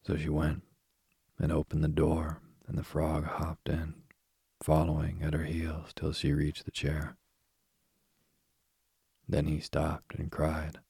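Deep gravelly guy reading a fairy tale, super flat and husky. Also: no echo. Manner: slow, even, monotone. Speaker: narrator. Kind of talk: storybook reading.

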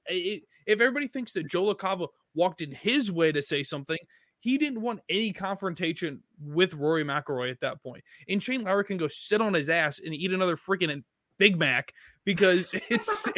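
A man with a high voice vents on a sports podcast, stammering and restarting as he rants. His voice sounds dry and close to the mic. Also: fairly bright tone, no echo. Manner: heated ranting, stammering restarts. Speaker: podcast co-host. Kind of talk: casual sports chat.

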